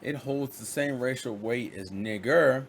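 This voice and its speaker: A man vlogging in a casual monologue, rambling and animated, often restarting and acting out quotes. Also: mid-range voice, a little slow, a little hiss or hum.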